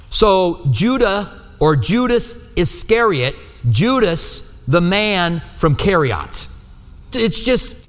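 His voice sits high and a bit bright as this male pastor gives a conversational sermon in church. He keeps asking the congregation to agree, and the recording carries long hall reverb.

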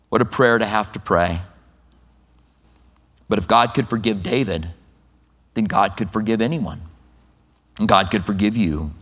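Man preaching with long hall reverb. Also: mid-range voice. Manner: reads scripture slowly, then talks plainly with sudden lively asides. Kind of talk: sermon.

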